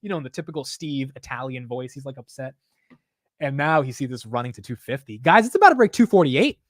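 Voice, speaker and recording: A man hosting a live stock market stream, talking excitedly and profanely straight to his chat. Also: mid-range voice, fast talker, no room sound, clean studio sound. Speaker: stock market livestream host. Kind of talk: casual live market commentary.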